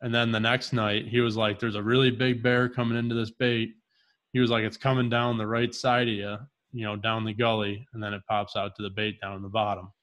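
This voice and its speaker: A man with a low, bright, forceful voice tells a hunting story in a relaxed conversation. He acts out the quoted back-and-forth of the people in it. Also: brisk. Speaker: podcast co-host. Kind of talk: casual storytelling chat.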